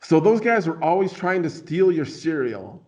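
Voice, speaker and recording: A man's voice: fairly high pitch, sing-song, moderate pace, a little mellow. Rambling man hosting a casual chat. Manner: rambling, filler-heavy, playful. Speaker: podcast host. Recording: dull lo-fi sound.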